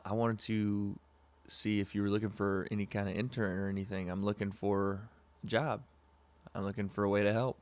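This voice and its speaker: Brief: young male podcast host from SoCal, deep monotone, relaxed rambling storyteller, webcam audio. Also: smooth, dry recording. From Southern California. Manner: laid-back, rambling with frequent fillers and laughs. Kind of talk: casual livestream storytelling.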